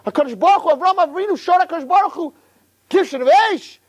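High-voiced man preaching with fervor. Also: lively intonation, fast. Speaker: Torah teacher addressing boys. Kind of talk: impassioned sermon on the weekly portion.

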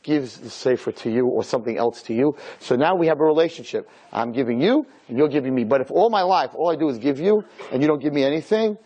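A man who is a rabbi, giving a lively Torah lecture to a group, acting out little dialogues and firing off rhetorical questions. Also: medium pitch, fast talker, hardly any pauses, dull audio.

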